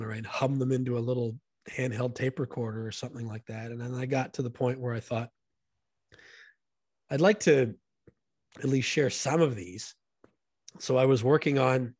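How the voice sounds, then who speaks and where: A man's voice: medium pitch, darkish tone, dry recording, studio quality. A man, a guest on a podcast, telling stories in an earnest and enthusiastic way. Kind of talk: casual storytelling conversation.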